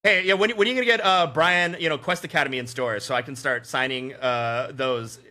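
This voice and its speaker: Fast, bright-voiced man telling a story. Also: medium pitch. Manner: animated, filler-heavy storyteller. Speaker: podcast co-host. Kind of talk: casual storytelling chat.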